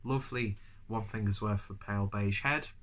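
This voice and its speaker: A man's voice: fairly low pitch, steady tone, moderate pace, a bit bright. Stuffy-nosed man rambling through a review. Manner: rambling, chatty, self-deprecating. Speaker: beer reviewer. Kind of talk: casual review vlog.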